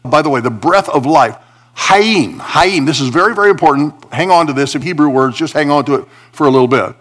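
A man preaching a sermon, swinging between emphatic high points and a quiet confiding tone as he explains Hebrew words from scripture. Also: brisk. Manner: animated preaching, rising for emphasis, dropping to a confiding hush. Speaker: pastor.

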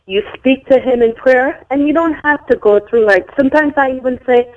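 A woman's voice: sits high, brisk, no echo. A woman calling in to a radio show, sharing an earnest, heartfelt testimony. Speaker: caller. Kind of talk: phone-in testimony. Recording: dull phone line.

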